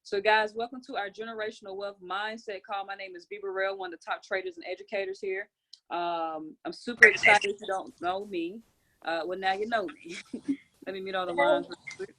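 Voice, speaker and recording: A woman hosts a motivational group conference call, urging listeners on with energetic, repetitive, preacher-like phrasing and call-and-response. Her mid-range voice moves fairly quickly, picked up by a phone or computer mic.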